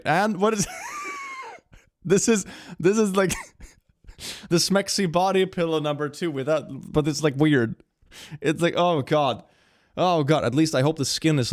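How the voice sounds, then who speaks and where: Animated young man chatting on stream. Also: a little high, no echo, clean studio sound. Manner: animated, giggly, swings from hushed to excited. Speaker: streamer reading fan memes. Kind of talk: casual livestream chat.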